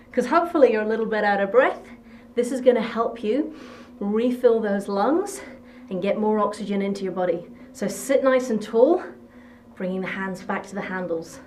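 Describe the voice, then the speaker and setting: A woman's voice: a little high, darkish tone, a little hiss or hum. Encouraging female fitness instructor. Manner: encouraging, coaching cues in short bursts. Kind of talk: workout instruction.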